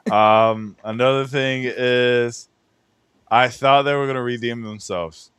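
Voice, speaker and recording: A man's voice: mid-range voice, steady tone, takes it slowly, fairly bright tone, clean tone, dry recording, clean studio sound. A man hosting a casual podcast chat, ranting in a profane, incredulous way. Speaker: podcast host.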